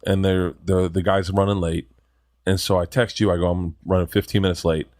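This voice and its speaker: A comedian man with a slightly low voice tells stories in a rambling, excitable way, swearing freely in casual podcast chat. The sound is dry and close to the mic. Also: a little fast, no echo. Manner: rambling, excitable, profane storytelling.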